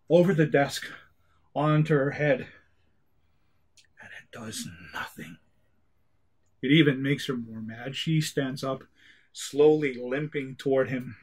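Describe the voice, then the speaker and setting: A man from Hawaii telling a ghost story with a lot of drama. His voice sits a little high for a man. He swings from hushed, low lines to sudden loud outbursts. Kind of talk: animated spoken storytelling.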